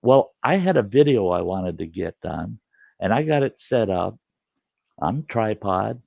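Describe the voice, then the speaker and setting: Gravelly older man telling a campfire story. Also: fairly low pitch, unhurried, no echo. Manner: animated, acts out yelling at his camera. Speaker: storyteller host. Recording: dull, slightly lo-fi and dry.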